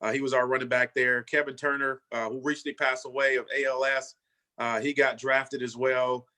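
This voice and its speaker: A man's voice: medium pitch, little pitch movement, normal speed, pushed and bright. A man in his fifties, a former football player, telling his story in a casual way and often saying "you know" and "man".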